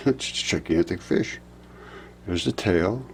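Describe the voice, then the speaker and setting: A man in his seventies narrating over a map, insistent, rebutting doubters and jumping up in pitch when pointing things out. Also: lively intonation, takes it slowly, vocal fry, a little hiss or hum. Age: 70s. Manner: insistent, rebutting imagined objections. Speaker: presenter of a fringe geology channel.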